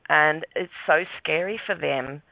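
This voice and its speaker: A man tells a rambling story, his voice sitting a touch high. He is heard over a tinny phone line with a dry sound and no room echo. His talk is full of fillers and restarts. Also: unhurried, gravelly. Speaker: guest. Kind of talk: casual storytelling.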